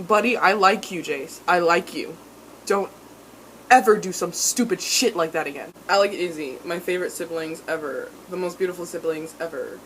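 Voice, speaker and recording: A young woman recapping a TV episode in a casual, animated and sweary way, acting out characters in mock voices. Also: lowish voice, slight background noise. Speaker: TV recap vlogger.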